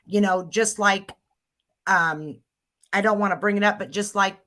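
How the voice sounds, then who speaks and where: A woman's voice: mid-range voice, moderate pace, a bit bright. A woman hosting a casual livestream chat, exclaiming and trailing off. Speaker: livestream host.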